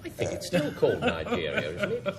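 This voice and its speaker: A man's voice: sits high, wildly swooping pitch, fairly quick, a crowd in the background. A man hosting a panel game show, wry and dry, handing turns to the players with self-deprecating asides. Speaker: quiz show host. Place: TV studio with a live audience. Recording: 1980s TV studio with audience.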